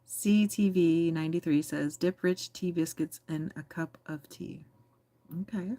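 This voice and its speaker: A woman's voice: lowish voice, measured pace, warm tone. An American woman hosting a casual livestream, reading chat messages aloud with teasing, giggly chatter. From United States. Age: adult.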